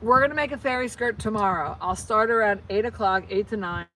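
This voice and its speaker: A woman's voice: medium pitch, fairly quick, a bit bright, a little hiss or hum. A middle-aged American woman chatting casually to viewers while crafting, rambling, with many restarts. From United States. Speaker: vlogger.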